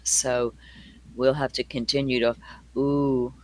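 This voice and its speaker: Speaking slowly in a mid-range voice with little pitch movement, an older man with a Southern US accent chats casually with viewers on his true crime livestream. He laughs a lot and greets people by name.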